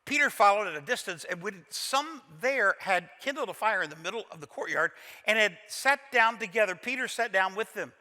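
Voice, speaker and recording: Speaking brisk and bright with few pauses, a Kentucky preacher dramatizes a scene in his sermon and laces it with folksy humor. His high voice is expressive and forceful, echoing through a big church hall.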